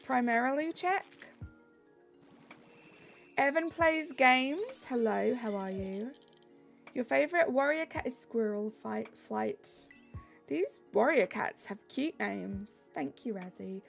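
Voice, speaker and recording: A woman's voice: on the high side, expressive, slow pace, creaky, soft background music. A young woman from England with a Southeast English accent, chatting upbeat with her live-stream chat while she plays.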